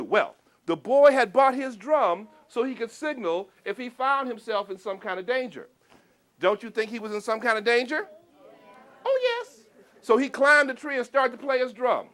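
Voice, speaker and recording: A man telling a folk tale to a live audience as a storyteller, expressive, swinging between booming shouts and hushed asides and asking the listeners questions.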